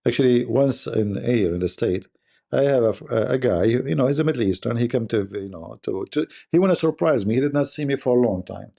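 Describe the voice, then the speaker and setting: A man's voice: mid-range voice, animated, brisk, vocal fry, mellow. A man hosting a livestream, ranting and mocking with frequent laughter, in non-native English grammar. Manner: mocking, emphatic, laughs often while talking. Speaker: livestream host. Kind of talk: casual ranting commentary.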